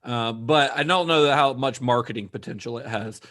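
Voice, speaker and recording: A man hosting a podcast, recounting history in a relaxed, conversational way with some fillers. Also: mid-range voice, moderate pace. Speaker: podcast host. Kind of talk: casual chat, recounting history.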